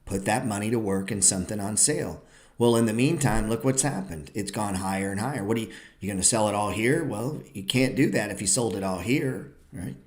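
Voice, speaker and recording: Blunt, profane low-voiced male trading teacher. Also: a little fast, darkish tone. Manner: blunt, profane, lecturing, often sarcastic. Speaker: trading educator and show host. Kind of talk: live-streamed trading class.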